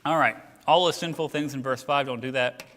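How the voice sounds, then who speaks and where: In a church hall with long reverb, a man teaches a casual Bible class. His voice is medium in pitch and a bit bright, and he tells stories conversationally, with asides.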